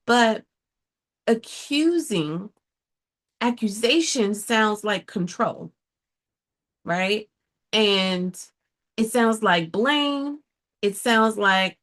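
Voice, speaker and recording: Gravelly-voiced woman therapist talking. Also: on the high side, expressive, takes it slowly, pauses often, a bit bright. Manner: earnest, direct, asks rhetorical "right?". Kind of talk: casual advice talk to viewers.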